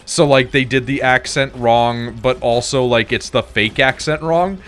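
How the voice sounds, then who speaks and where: Playing games on stream, a Canadian man rambles at a slightly slow pace in a medium-pitched, fairly bright voice. His talk is profane and loaded with "like" fillers.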